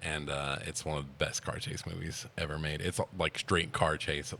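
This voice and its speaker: A man's voice: a bass voice, level tone, moderate pace, gravelly, bright, forceful tone, slight background noise. A man co-hosting a podcast, chatting casually about movies as an enthusiastic film buff. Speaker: podcast co-host. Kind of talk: casual movie review chat.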